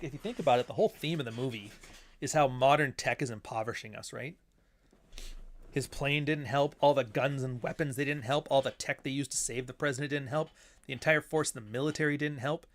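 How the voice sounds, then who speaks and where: A man in casual film commentary, rambling from one thought to the next. His voice sits at an ordinary middle pitch. He swears freely and slips into quoted lines as he goes. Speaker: author and host.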